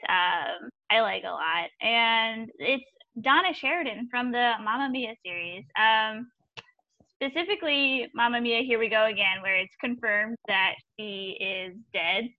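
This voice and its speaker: A woman's voice: on the high side, measured pace, dry recording. A young woman co-hosting a podcast, chatting casually, giggling often and swearing freely. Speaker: podcast co-host. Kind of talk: casual chat. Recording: dull lo-fi dry mic.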